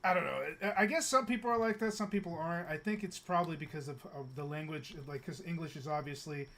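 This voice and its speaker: A man's voice: fairly high pitch, fast talker, bright, forceful tone. A young American man chatting casually while streaming a game, rambling with stammered restarts and chuckles. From United States. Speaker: gaming streamer.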